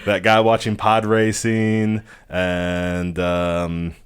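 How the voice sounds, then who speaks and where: A young man co-hosting a casual podcast chat, laughing often and tossing out quick asides. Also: deep voice, completely flat delivery, clear, resonant tone. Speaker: podcast co-host.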